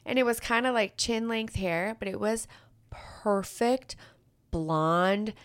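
A woman's voice: medium pitch, measured pace, clean tone. A middle-aged woman co-hosting a podcast, chatting casually and telling stories with sarcastic humor and acted-out quotes. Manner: sarcastic, animated storytelling with quoted voices. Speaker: podcast co-host. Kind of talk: casual chat.

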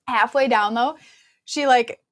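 A woman's voice: fairly high pitch, a little slow. Chatty woman co-host telling stories. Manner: animated storyteller, acts out quoted voices. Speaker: podcast co-host. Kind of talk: casual chat.

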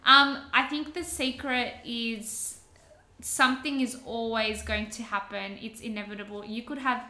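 A woman with a bright, fairly high voice answers as a podcast guest, agreeable and thoughtful. A roomy echo hangs around her voice. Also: steady tone, a little slow. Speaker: wedding planner and stylist, guest. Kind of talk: casual chat.

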